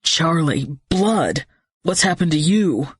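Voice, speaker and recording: A woman reading an audiobook voices a shaken male helicopter pilot, speaking low and terse. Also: expressive, slow, breathy edge, no echo, full character voice. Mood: shaken, steady. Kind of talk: audiobook character voice.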